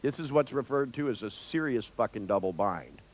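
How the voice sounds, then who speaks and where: A man telling a story in a lecture, with a voice that leaps from low to high as he acts out every part. He sits at a medium pitch, swears freely and laughs at his own tale. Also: normal speed, rough recording. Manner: animated, acts out voices with big pitch jumps.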